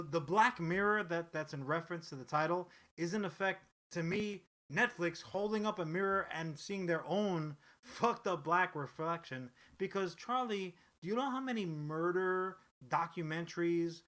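A man's voice: high voice, fairly bright tone. A man co-hosting a podcast, chatting casually in a rambling, profane style with frequent restarts. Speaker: podcast co-host. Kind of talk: casual chat.

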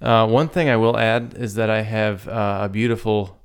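A man co-hosting a casual podcast, talking in a rambling, halting way with many fillers. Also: on the low side, flat delivery, clear, resonant tone. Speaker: podcast co-host. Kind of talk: casual chat.

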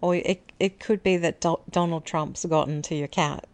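A woman's voice: on the low side, steady tone, moderate pace, a little mellow. A woman co-hosting a podcast in casual chat, throwing in dry, teasing quips and laughing. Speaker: podcast co-host.

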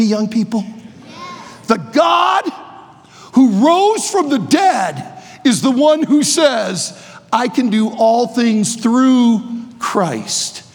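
Sixties male preacher, high husky voice, playful and shouty, long hall reverb. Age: 60s. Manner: playful, joking, bursts into shouts. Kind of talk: energetic youth sermon.

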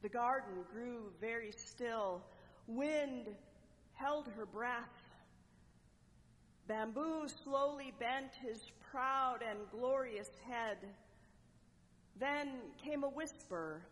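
A woman preacher telling a parable as a sermon, with measured delivery and dramatic pauses. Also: a little high, fairly bright tone. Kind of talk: sermon storytelling. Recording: long echoing hall reverb.

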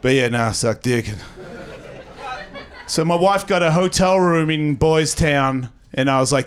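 A man's voice: fairly high pitch, big pitch swings, normal speed. A man with an Australian accent doing profane, rambling stand-up comedy and bantering with the audience. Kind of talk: stand-up comedy with crowd work. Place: comedy club stage before a live audience. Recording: live audience laughter throughout.

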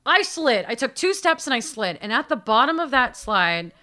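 A young American woman telling a story in casual chat, animated and acting out the quotes. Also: on the high side, moderate pace. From United States. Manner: animated, acts out quotes, frequent restarts.

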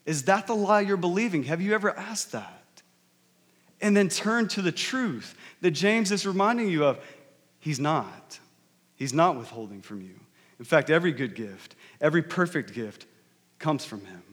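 A male pastor preaching a sermon, telling stories with animated, emphatic delivery. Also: a little high, measured pace, husky. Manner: animated storytelling, rising to emphatic peaks. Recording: long reverb of a large hall.

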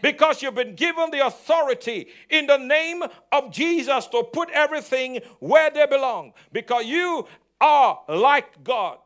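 Male pastor, very high pitch, emphatic repetitive sermon delivery, call-and-response. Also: animated, a little slow, a bit bright. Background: congregation answering amen.

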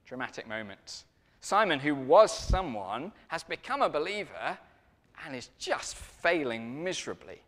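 A man preaching a sermon in a lively, conversational storytelling way. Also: on the high side, measured pace, big-room sound.

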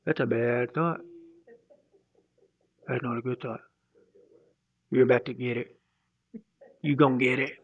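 A man's voice: fairly even intonation, a little slow, pauses often, a little hiss or hum, close to an everyday voice. A man voicing a nagging, prim busybody who keeps scolding and repeating himself, in a muffled recording. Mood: threatening nag. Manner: shrill repetitive hectoring.

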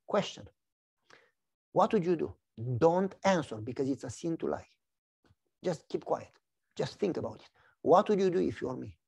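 Animated gravelly male preacher. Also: fairly high pitch, moderate pace, pauses often. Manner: animated storytelling, acts out voices. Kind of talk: sermon with personal testimony.

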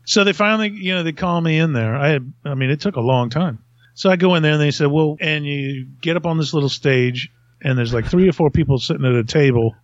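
A podcast host with a slightly high voice and a slightly fast pace tells a long, rambling story, chuckling often. The recording is dry, with a dull lo-fi sound.

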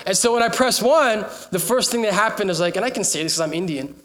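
A man's voice: high-pitched, fast talker. A man preaching a sermon in a humorous, storytelling way, joking with and rallying his congregation. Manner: animated, joking, rallying the crowd.

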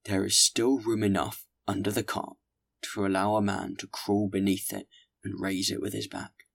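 A man's voice: on the low side, flat delivery, normal speed, creaky. A man voicing an earnest mayor who makes urgent, insistent appeals to a crowd.

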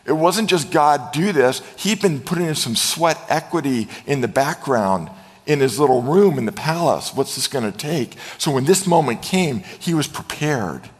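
A middle-aged man preaching a sermon as a pastor, telling stories with lively animation and acting out quoted voices. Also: on the high side, moderate pace, big-room sound.

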